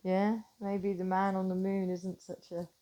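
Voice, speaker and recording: A middle-aged woman chatting casually to camera, animated and swearing freely, swinging from loud bursts to hushed asides. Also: medium pitch, measured pace. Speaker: vlogger.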